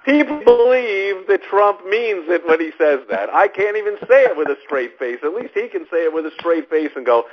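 A man co-hosting a podcast in casual chat, animated and mocking. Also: sits high, moderate pace, few pauses. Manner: animated, mocking, puts on voices to mimic critics. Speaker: podcast co-host. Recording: dull lo-fi sound.

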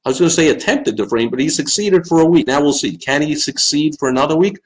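A man's voice: a little high, quick pace, low-quality recording. A middle-aged man with a Long Island New York accent, hosting a live-stream show, ranting sarcastically and answering viewers' comments. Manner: animated, sarcastic, swings into loud mocking asides.

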